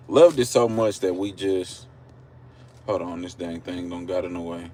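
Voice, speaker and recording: A man with an Oklahoma country accent livestreams from his car at a drive-thru on his phone camera, rambling casually and joking with viewers. His low voice is a little mellow, with fairly even intonation and a measured pace.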